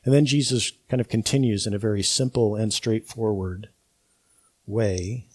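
Husky, mellow-voiced man preaching a sermon. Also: lowish voice, steady tone, normal speed. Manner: emphatic, repeats key words for effect.

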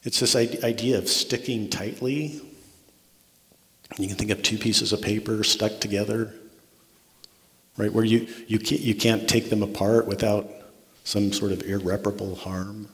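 A man's voice: on the low side, fairly even intonation, unhurried, pauses often, a bit bright. Earnest male preacher in a reverberant hall. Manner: earnest, repeats words and restarts, asks "right?" often. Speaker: pastor. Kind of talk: sermon. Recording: long reverb of a large hall.

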